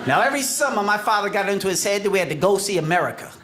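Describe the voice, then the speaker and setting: Animated stand-up comedian from New York. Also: male voice, very fast, slight background noise. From New York City. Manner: animated storytelling, jumps into high voices for quotes. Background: audience laughter.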